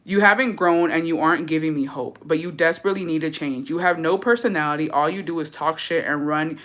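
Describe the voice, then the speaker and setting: A woman's voice: deep voice, fast, fairly bright tone. A woman in her twenties telling a story in casual vlog chat, swearing freely and slipping in Spanish phrases. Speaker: vlogger.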